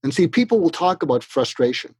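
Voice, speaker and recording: Husky man giving animated advice. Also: on the high side, a little fast, dry recording. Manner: animated, acts out both sides of sample dialogues. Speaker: guest expert. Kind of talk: conversational advice in an interview.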